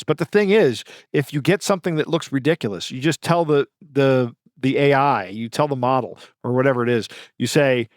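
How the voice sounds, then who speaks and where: A man co-hosting a podcast in casual chat, relaxed and a little halting. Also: mid-range voice, dry recording, studio quality. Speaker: podcast co-host.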